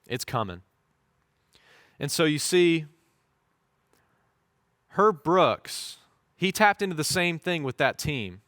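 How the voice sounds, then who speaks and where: A man's voice: on the high side, lively intonation, slow pace, long pauses, fairly bright tone, no room sound, studio quality. A male pastor preaching a sermon, telling stories and slipping into voices for the people in them. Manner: storytelling, shifts into voiced quotes.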